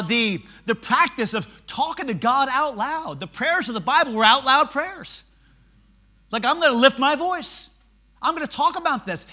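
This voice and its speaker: A male pastor preaching a sermon in church, swinging from shouted swells to hushed, quiet lines. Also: very high voice.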